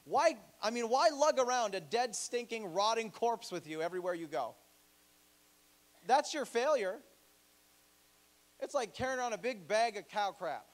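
A male pastor preaching a sermon in a church, animated and joking, acting out the voices he quotes. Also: very high-pitched, normal speed, long pauses.

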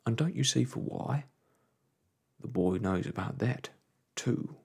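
A grave, steady little borrower father speaks gently in a rustic way in a soft-spoken ASMR storybook reading, as a man plays him. The voice is low, gravelly and husky, slow and lively in pitch. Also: full character voice. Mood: grave, gentle.

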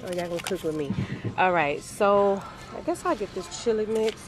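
A woman's voice: medium pitch, normal speed, slight background noise. A woman from Houston with a Texan Southern accent, chatting playfully to the camera in a casual family vlog. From Houston, Texas. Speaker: family vlogger.

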